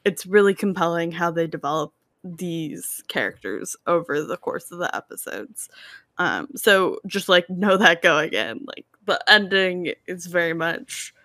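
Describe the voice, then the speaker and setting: A woman on a video call chats in a measured, thoughtful way and is mildly critical. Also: on the low side, expressive, sharp tone, dry recording, clean studio sound. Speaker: podcast panelist. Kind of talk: casual chat.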